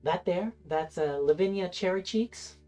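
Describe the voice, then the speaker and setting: A friendly, chatty town councillor in a tabletop game, put on by the game master, who rambles and restarts sentences. The voice sits above the game master's own and sounds mellow. Faint music runs underneath. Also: mid-range voice, unhurried, voice pushed up, lightly acted. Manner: rambling, hesitant, lots of restarts.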